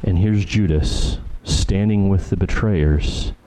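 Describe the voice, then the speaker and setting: A man's voice: sits low, slow pace, dark tone, poor audio. A man preaching a verse-by-verse sermon as pastor, earnest and building emphasis through repeated phrases. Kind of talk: expository sermon.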